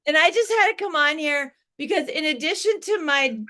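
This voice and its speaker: A woman's voice: high voice, lively intonation, moderate pace, pushed and bright. A woman playing a needy, flustered guest in an improvised comedy sketch over a video call. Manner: flustered and self-dramatizing.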